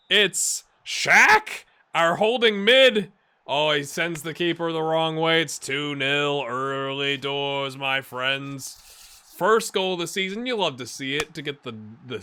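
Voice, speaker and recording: Male gaming host, lively play-by-play banter, bright and a bit high in pitch. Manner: excitable, jokey play-by-play with shouted celebrations. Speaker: gaming YouTuber. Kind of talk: let's play commentary.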